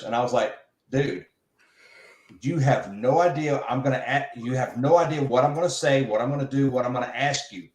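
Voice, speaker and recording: A man telling a casual shop story, animated and mimicking the people he quotes. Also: medium pitch, brisk, echoey room, rough recording.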